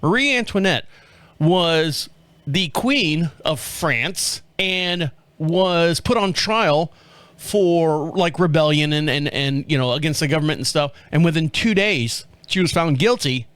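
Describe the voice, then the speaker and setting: A man's voice: a little high, animated, measured pace, a bit bright, smooth, dry recording. A middle-aged man from the States, hosting a podcast in a rambling, joking way and chuckling often. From southern United States. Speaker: podcast host. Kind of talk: casual chat.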